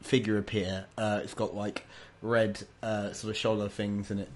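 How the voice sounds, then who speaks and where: A man narrating a tabletop game as game master, halting with many fillers. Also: fairly low pitch, little pitch movement.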